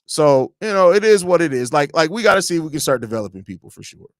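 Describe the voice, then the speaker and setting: A man with a Chicago accent hosting a live podcast stream, reading chat comments and ranting in a blunt, profane, animated way. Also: fairly high pitch, fast, no echo, clean studio sound.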